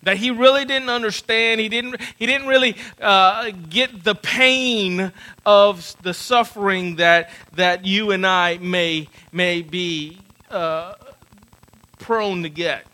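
A man preaching from the pulpit with a high, bright voice and a slow, deliberate pace. He talks earnestly, often restarting and repeating words. He drops into hushed passages and then builds to loud, emphatic stretches. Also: fairly even intonation, low-quality recording. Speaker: pastor. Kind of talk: sermon.

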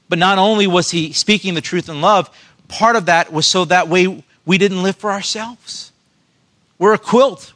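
Male pastor, slightly raised pitch, earnest preaching delivery with questions to the congregation. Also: pushed and bright. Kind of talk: sermon.

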